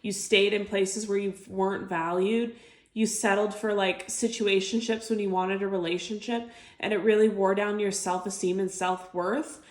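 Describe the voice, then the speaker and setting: A woman's voice: medium pitch, steady tone, moderate pace. A woman giving an intuitive tarot reading to camera, chatty and heartfelt, full of filler words. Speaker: tarot reader. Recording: echoey room.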